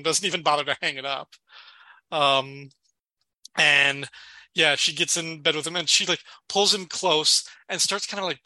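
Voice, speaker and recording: A man's voice: on the high side, bright, forceful tone, dry recording. A man co-hosting a podcast, chatting casually about a sitcom episode, laughing often and retelling scenes with quoted lines. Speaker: podcast co-host.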